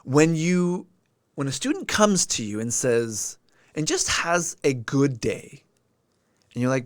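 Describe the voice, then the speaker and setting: A man's voice: medium pitch, big pitch swings, takes it slowly, dry recording, studio quality. A man hosting a live stream, talking earnestly and emotionally and answering viewer comments as he goes. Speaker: livestream host. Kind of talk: heartfelt livestream talk.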